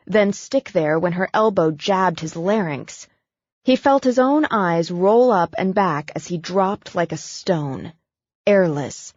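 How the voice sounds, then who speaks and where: A woman narrating a novel as an audiobook in a steady storytelling voice. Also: lowish voice, no room sound, dull audio. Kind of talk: scripted narration.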